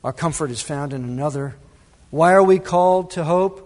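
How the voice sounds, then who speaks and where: Man, pastor, sermon, earnest, dramatic pauses, high voice, echoing church hall. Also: a little mellow. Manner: earnest preaching with dramatic pauses and quoted prayers. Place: church sanctuary. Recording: long reverb of a church hall.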